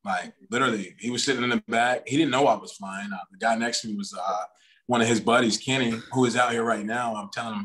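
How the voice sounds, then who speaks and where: A man's voice: medium pitch, quick pace, a bit bright, a little hiss or hum, poor audio. A young man, a pro football player guest, chatting casually in an interview and rambling through many restarts and fillers. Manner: self-aware talker.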